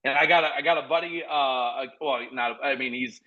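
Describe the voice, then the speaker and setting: A man in his forties from South Dakota, a podcast guest telling stories in an energetic, earnest, rambling way full of restarts. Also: mid-range voice, a little fast, highs cut off. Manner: earnest, motivational. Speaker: podcast guest, former college football walk-on. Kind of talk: casual conversational storytelling.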